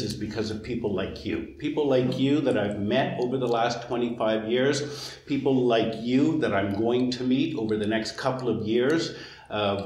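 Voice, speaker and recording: Middle-aged man, university lecturer, informal student presentation, medium pitch, lots of "uh", roomy echo. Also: a little mellow. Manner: friendly, chatty, with frequent "uh" fillers. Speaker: senior lecturer.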